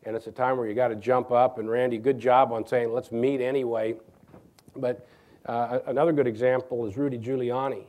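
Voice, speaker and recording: A middle-aged man from Nebraska speaks at an evening lecture in a voice of ordinary, middle pitch. He stops and restarts often and chuckles as he tells his stories. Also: level tone, darkish tone. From Nebraska, USA. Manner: halting, many restarts, chuckling anecdotes. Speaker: guest speaker.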